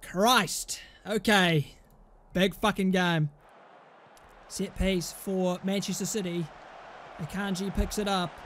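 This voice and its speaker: A young man with a very high voice, yelling and swearing his way through live game commentary. His speech swings between shouting and muttering. There is a faint hum of room noise behind him. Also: slow, pauses often. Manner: excitable, swearing, commentating on his own match. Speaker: gaming YouTuber.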